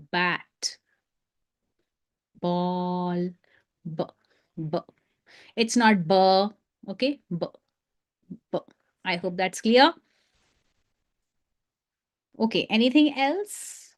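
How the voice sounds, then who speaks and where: Slow, high-voiced Indian woman teaching phonics. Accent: Indian English. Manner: demonstrates letter sounds with short repeated drills. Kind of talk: live online phonics lesson.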